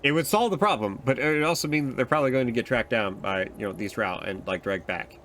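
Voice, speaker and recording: A man's voice: medium pitch, lively intonation, fast, fairly bright tone, a little hiss or hum. A young adult man streaming a video game, giving chatty, rambling commentary with lots of fillers. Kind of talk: casual let's-play commentary.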